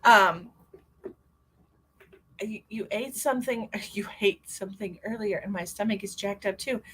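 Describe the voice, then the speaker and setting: A chatty middle-aged woman hosting a live stream, her voice sitting at an ordinary middle pitch for a woman. She talks casually and tells stories, laughing often and greeting viewers by name. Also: measured pace, fairly bright tone, slight background noise.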